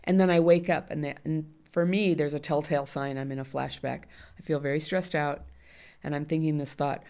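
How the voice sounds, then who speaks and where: Low-voiced woman talking candidly. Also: fairly quick. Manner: candid, animated, laughs often. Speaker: interview guest. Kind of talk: conversational interview.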